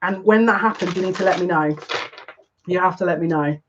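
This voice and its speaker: A psychic tarot reader, talking on a live stream in an excitable, breathless way, often breaking off mid-sentence. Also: medium pitch, a little fast, background noise. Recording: dull lo-fi stream audio.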